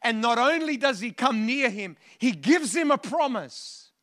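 A man preaches a sermon to a church congregation. His voice sits high for a man and rings bright. He often restarts phrases and calls out for the congregation's response. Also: lively intonation, measured pace. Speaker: pastor.

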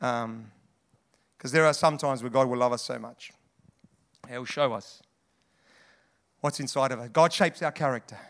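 A man preaching a sermon as a pastor, animated and conversational, with asides to the congregation. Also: mid-range voice, measured pace, long pauses.

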